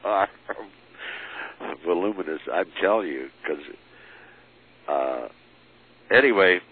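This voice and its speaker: A man telling a personal story as an interviewee, halting with many fillers and restarts and chuckling as he goes. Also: low-pitched, animated. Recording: lo-fi phone-like recording with faint hiss.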